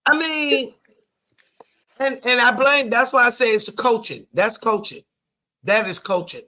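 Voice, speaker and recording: A man co-hosting a casual sports show, his voice high for a man and bright. He hammers home his opinions by saying them again and again. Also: normal speed. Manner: emphatic, repeats his point. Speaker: sports talk show co-host.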